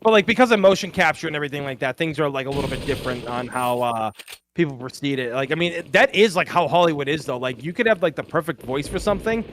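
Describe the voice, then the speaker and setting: A man's voice: a little high, animated, fast, a bit bright, slight background noise. A young man co-hosting a gaming livestream, rambling casually with many fillers. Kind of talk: casual chat.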